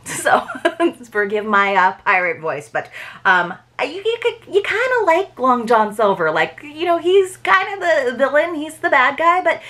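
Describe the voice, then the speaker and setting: A woman's voice: high voice, big pitch swings, measured pace, pushed and bright. Bubbly woman unboxing books. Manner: bubbly, chatty, gushing. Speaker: book subscription box reviewer. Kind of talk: unboxing vlog.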